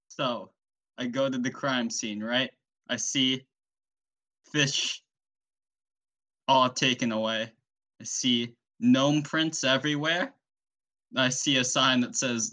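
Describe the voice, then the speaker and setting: A young man hosting a podcast solo, telling an absurd story in a rambling, deadpan way. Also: mid-range voice, slow pace, long pauses. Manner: rambling, deadpan, self-interviewing.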